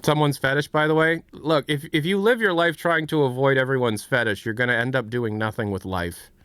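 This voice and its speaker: A man's voice: mid-range voice, brisk, clear, resonant tone, dry recording. A man chatting casually on a livestream, joking with his chat and trying out impressions. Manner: joking, does impressions, lively. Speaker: streamer.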